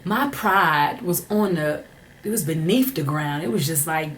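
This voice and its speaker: A woman's voice: deep voice, measured pace, slight background noise. A young woman telling a candid personal story in a chatty, frank way, full of "like" fillers and restarts. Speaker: vlogger.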